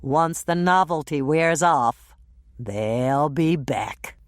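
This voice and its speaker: A woman voicing a calm, easygoing man who speaks slowly and soothingly. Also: deep voice, dry recording, clean studio sound. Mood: reassuring.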